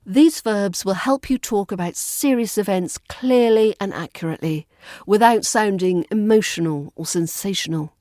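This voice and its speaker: A woman with a Southern British RP accent teaching pronunciation, calm and precise, slowly modelling words for learners to repeat. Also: medium pitch, dry recording, studio quality. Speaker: accent coach. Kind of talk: pronunciation lesson.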